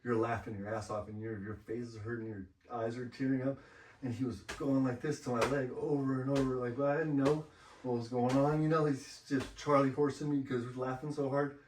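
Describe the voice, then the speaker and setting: A man's voice: mid-range voice, fairly even intonation, brisk, a little mellow, reverberant, slight background noise. Man telling profane stories, far from mic. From Los Angeles. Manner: profane, laid-back storytelling with frequent "you know". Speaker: graffiti artist guest. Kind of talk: casual storytelling interview.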